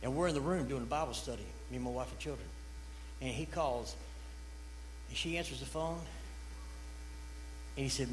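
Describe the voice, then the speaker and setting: A man, an evangelist telling his testimony in a church revival sermon, building from storytelling to shouted praise. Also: medium pitch, moderate pace, pauses often, a little hiss or hum, rough recording.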